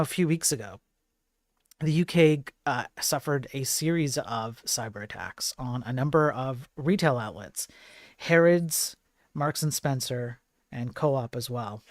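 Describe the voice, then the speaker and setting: On his casual tech news livestream, a man with a medium-pitched voice chats and rambles, full of fillers and playful asides aimed at his chat. The recording is dry, with clean studio sound.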